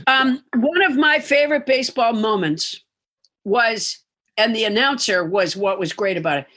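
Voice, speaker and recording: Brief: talkative storytelling woman, slightly high voice, easy and amused. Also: normal speed, fairly bright tone. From Massachusetts, USA. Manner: anecdotal storyteller, amused, chatty. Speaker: guest. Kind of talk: casual chat.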